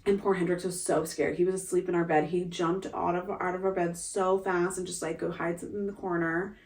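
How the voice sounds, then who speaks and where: A woman's voice: fairly low pitch, flat delivery, moderate pace, darkish tone, distant mic. A young woman telling an emotional family story in a vlog, talking casually with many fillers and restarts.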